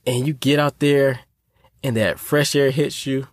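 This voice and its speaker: A man hosts a motivational podcast, speaking earnestly to his listeners. His voice sits at an ordinary middle pitch. The sound is dry and close, with no room echo. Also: fairly even intonation, a little slow. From North Carolina. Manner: earnest, preachy, addresses listeners as y'all. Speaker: podcast host.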